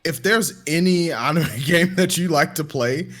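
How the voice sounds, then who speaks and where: A man co-hosting a gaming podcast, talking quickly and rambling with many filler words. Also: a little high, fairly bright tone. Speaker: podcast co-host. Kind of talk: casual chat.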